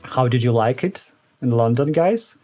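A man of middle pitch hosts a relaxed tech podcast. He leads the talk in a friendly way, laughs easily and fills his pauses with "uh". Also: faint music behind. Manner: friendly, laughing, lots of "uh" fillers. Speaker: podcast host. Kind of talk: casual chat.

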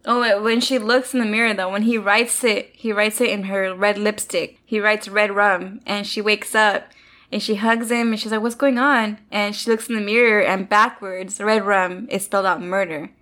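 A woman in casual chat about a movie, animated, swearing freely and acting out lines from it. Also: mid-range voice, normal speed. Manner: animated, swears, acts out quotes.

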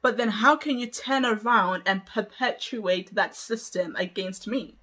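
Husky-voiced woman arguing emphatically. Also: medium pitch, a little slow, bright, forceful tone. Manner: emphatic, argumentative, full of rhetorical questions; laughs between points. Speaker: podcast host. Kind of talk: solo podcast monologue.

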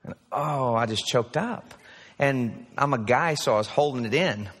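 A man's voice: medium pitch, normal speed, fairly bright tone, breathy edge. A pastor in his forties preaching an earnest, story-driven sermon. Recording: played sermon recording with long reverb.

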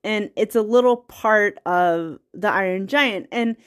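Speaking at a measured pace in a medium-pitched voice, a young woman excitedly walks through a film's story in loose, wandering conversation. She laughs often and tears up at points.

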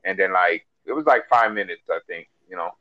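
Profane, animated Miami man telling stories. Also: sits low, brisk, no echo, muffled recording. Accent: Miami English. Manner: profane, animated storytelling with repeated fillers. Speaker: podcast co-host. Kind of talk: casual podcast chat.

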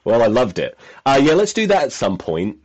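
A man's voice: mid-range voice, darkish tone, husky. A man hosting a podcast, telling rambling, self-mocking stories in casual chat and swearing freely. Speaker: podcast host.

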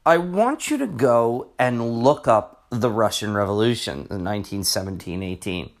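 A man's voice: fairly low pitch, lively intonation, normal speed. A middle-aged man, a teacher hosting his own podcast, talking in a rambling, chatty way full of restarts. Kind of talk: casual solo podcast monologue.

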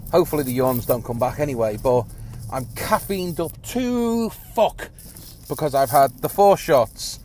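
This is a man of medium pitch and darkish tone, recording a one-take podcast from inside his car in traffic. He rambles and complains, swears casually, coughs phlegmily, and the car and road are audible behind him.

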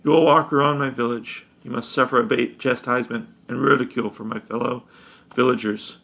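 A man voicing a stern, gloating village mayor who hands down harsh punishments, with a gravelly voice. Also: medium pitch, steady tone, a little fast, fairly bright tone. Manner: stern, commanding pronouncements. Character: boastful cruel village mayor, male, older.

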